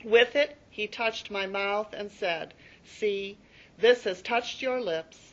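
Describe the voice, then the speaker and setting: A woman in a congregation reading a scripture passage aloud, steady with rising emphasis. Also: medium pitch, takes it slowly, highs cut off.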